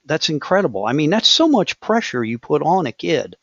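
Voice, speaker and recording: A man's voice: on the high side, very animated, a little fast, vocal fry, a bit bright, dry recording. A man hosting a casual conversation, sharing a reflective story and stammering as he begins his sentences. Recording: dry dull lo-fi sound.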